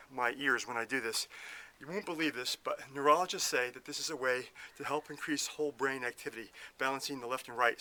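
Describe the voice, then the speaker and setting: A man's voice: mid-range voice, sharp tone. A man demonstrating a workout outdoors, chatty and self-mocking, talking through the exercises while out of breath. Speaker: fitness instructor. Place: outdoors at a house in the woods. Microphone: filmed by a camera operator.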